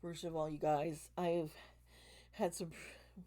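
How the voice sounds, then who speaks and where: A woman in her forties, hoarse from losing her voice, talking casually and emotionally to her channel members, rambling and restarting her sentences. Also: low voice, flat delivery, takes it slowly, dark tone. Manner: rambling, emotional, many restarts, swearing when worked up. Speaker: tarot reader and channel host.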